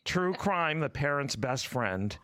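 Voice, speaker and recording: An interview host asking relaxed, curious questions and laughing easily. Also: mid-range voice, takes it slowly, dry recording, clean studio sound. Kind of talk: conversational interview.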